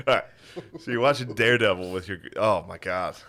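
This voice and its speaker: A young man co-hosting a podcast in casual, comedic banter, laughing often and acting out voices in quick bits. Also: fairly low pitch, pushed and bright. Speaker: podcast co-host.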